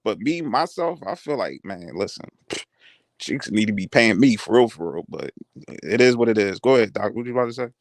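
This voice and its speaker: A man's voice: fairly low pitch, animated, a little fast, no room sound, clean studio sound. A man hosting a casual live chat, brash and boastful, laughing often.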